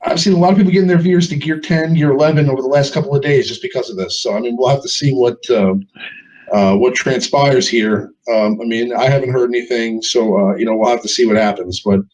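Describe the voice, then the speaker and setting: Halting man hosting a gaming chat. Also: medium pitch, steady tone, darkish tone, highs cut off. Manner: halting, restarts words often. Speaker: live show host.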